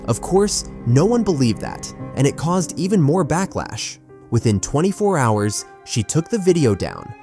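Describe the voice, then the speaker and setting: Lively male documentary narrator. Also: medium pitch. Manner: critical, emphatic storytelling. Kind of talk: scripted narration.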